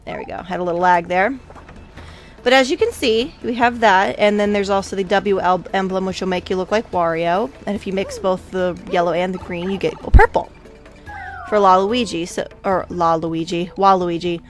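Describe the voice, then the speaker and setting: A woman's voice: mid-range voice, normal speed, soft background music. A woman hosting a video game playthrough, talking through it in a chatty, rambling way with many asides. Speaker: let's play host. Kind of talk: casual game commentary.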